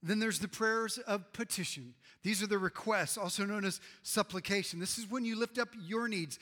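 High-voiced, bright male preacher in a hall. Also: normal speed, few pauses. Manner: preaching with dynamic swings from loud emphasis to hushed tones. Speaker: pastor. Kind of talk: sermon. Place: church sanctuary. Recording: reverberant hall.

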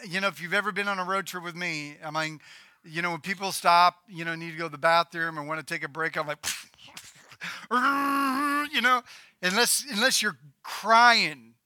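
A man preaching a sermon, retelling scripture dramatically and acting out the quoted voices, at times rising to near shouts. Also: fairly high pitch, clear, resonant tone, no echo, clean studio sound. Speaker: pastor.

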